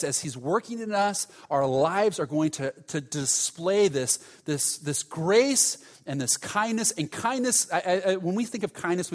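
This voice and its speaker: A man's voice: a little high, in a large hall. A male pastor preaching a sermon in an emphatic, conversational way, stressing key words by repeating them.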